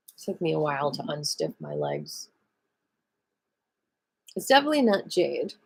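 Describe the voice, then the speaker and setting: A woman hosting a late-night live reading, reading a book aloud calmly and adding casual asides. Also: sits low, moderate pace, vocal fry, pauses often, husky.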